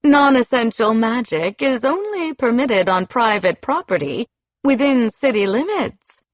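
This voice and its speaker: A woman's voice: fairly high pitch, expressive, unhurried, no room sound, pitched above the performer's own voice. A woman reading as a venomous, scheming female official. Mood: scornful. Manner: spitting, through gritted teeth.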